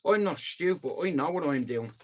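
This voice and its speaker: High-voiced Dublin man, foul-mouthed, fervent vlog rant. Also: animated, moderate pace, background noise. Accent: Dublin Irish. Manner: profane, fervent, shifts from loud bursts to low mutters. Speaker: YouTuber.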